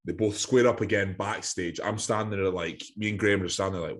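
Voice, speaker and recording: A man's voice: sits low, steady tone, a little fast. A Scottish man co-hosting a podcast, chatting casually, swearing and saying "mate" and "aye". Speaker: podcast co-host. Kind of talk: casual chat.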